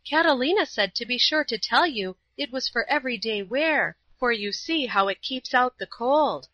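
A woman voicing an earnest young girl who speaks high and eagerly in a storybook reading. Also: animated, moderate pace, bright, forceful tone, dry recording, muffled recording.

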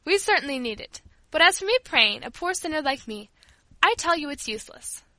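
A woman's voice: sits high, animated, fairly quick, pushed and bright, dry recording, voice pushed up, rough recording. A woman voicing an old, blunt but humble woman servant who speaks emphatically. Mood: emphatic. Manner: emphatic, exclaiming.

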